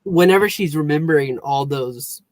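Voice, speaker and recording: A man's voice: fairly high pitch, normal speed, no echo. A man co-hosting a casual episode recap, chatty, adding jokes and laughing along. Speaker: podcast co-host.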